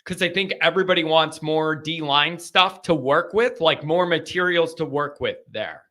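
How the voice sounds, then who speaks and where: A man hosting a live sports call-in stream, rambling and animated. His voice sits a little high, with a bright, forceful edge, and he keeps circling back to the same phrases. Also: moderate pace. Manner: animated, rambling, repeats himself.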